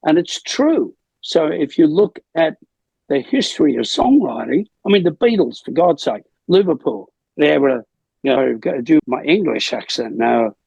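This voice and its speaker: An older man, a rock singer being interviewed, telling rambling anecdotes in a gravelly, husky voice. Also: a little high, big pitch swings, moderate pace, a little mellow, dry recording, rough recording. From Australia. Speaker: lead singer, interview guest. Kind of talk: casual storytelling interview.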